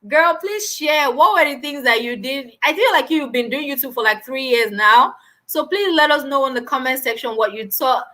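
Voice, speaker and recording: A middle-aged woman hosting a casual live stream, talking loudly and with lots of energy, on a built-in mic with no lapel mic. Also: high voice, moderate pace. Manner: loud, animated, says she is always shouting.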